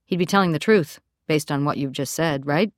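A woman reading the lines of a calm, matter-of-fact male county deputy in an audiobook, in a level, unhurried manner. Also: low voice, dry recording, clean studio sound, natural voice.

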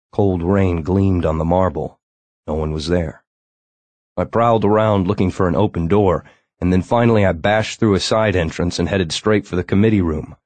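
A man reading first-person fiction as an audiobook narrator, steady and brooding. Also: deep voice, no room sound.

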